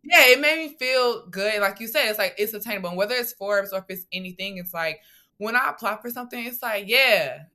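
A woman hosting a podcast, chatting in an expressive way and laughing often. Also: medium pitch, fast talker. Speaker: podcast host. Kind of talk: casual conversation.

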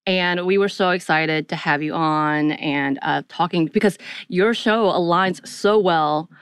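A woman's voice: fairly low pitch, a little slow, smooth, no room sound, clean studio sound. A woman co-hosting a podcast, chatting eagerly and laughing at herself as she welcomes a guest. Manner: eager, chatty, self-deprecating. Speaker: podcast co-host. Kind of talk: casual interview chat.

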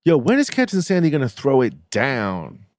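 Man riffing playfully with lively pitch. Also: moderate pace, no room sound, clean studio sound. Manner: playful, teasing, goofy riffs. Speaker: podcast co-host. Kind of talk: casual banter.

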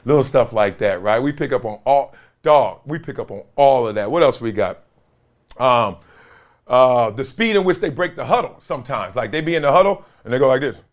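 A man hosting a show, telling football stories in a casual, animated way, laughing often and acting out other people's lines in a raised voice. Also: mid-range voice, brisk. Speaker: former NFL player and podcast host. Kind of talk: casual storytelling chat.

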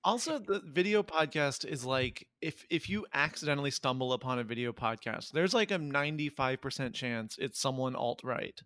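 A man's voice: medium pitch, animated, moderate pace, hardly any pauses, fairly bright tone, no echo. A man co-hosting a comedy podcast, chatting in a wry way and giggling often. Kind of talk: casual comedy podcast chat.

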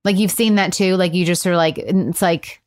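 A woman's voice: on the low side, steady tone, moderate pace. A woman from Michigan co-hosting a podcast, chatting casually with many fillers and frequent laughs. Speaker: podcast co-host. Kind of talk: casual chat.

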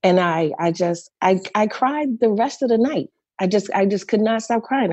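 A woman's voice: mid-range voice, dark tone, slightly rough, no echo. A middle-aged woman, a guest performer, telling a story candidly in an interview, emotional and often repeating and restarting phrases.

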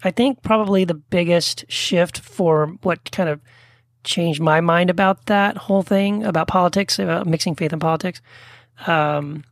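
Man from texas, lively storyteller, dry close sound, casual podcast chat. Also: sits high, normal speed, dry recording. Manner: animated storyteller, acts out quotes. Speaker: podcast guest, author. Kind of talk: casual conversation.

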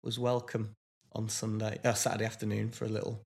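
A man's voice: lowish voice, monotone, brisk, vocal fry, a little mellow. Chatty man co-hosting a podcast. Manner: chatty, rambling with fillers and restarts. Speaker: podcast co-host. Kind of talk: casual chat.

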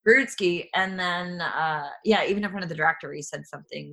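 Actress guest, forties, woman; low-ish, bright, punchy delivery, candid and animated. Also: normal speed, creaky. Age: 40s. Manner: animated, restarts often, acts out quoted people. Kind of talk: candid conversational storytelling.

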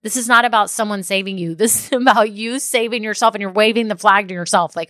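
Upbeat woman business coach, emphatic and repetitive, mid-pitched voice, dry close recording. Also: fast talker, few pauses, fairly bright tone, no echo. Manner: emphatic and upbeat, repeats key phrases, checks in with "okay?". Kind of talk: motivational direct-to-listener talk.

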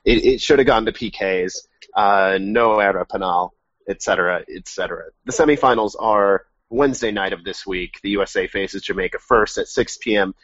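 A man's voice: on the low side, moderate pace, fairly bright tone, dry recording, lo-fi sound. A man hosting a casual sports podcast over a remote call, talking wryly and correcting himself as he goes. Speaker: podcast host. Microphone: remote call mic.

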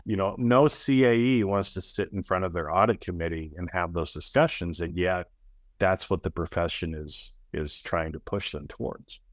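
A man's voice: low voice, moderate pace, no echo, clean studio sound. A man speaking as a podcast guest, blunt and emphatic, often asking "right?" and acting out other people's lines. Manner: emphatic, acts out quoted people in raised voices; blunt, uses casual profanity. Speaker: guest, audit training company head. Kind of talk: conversational podcast interview.

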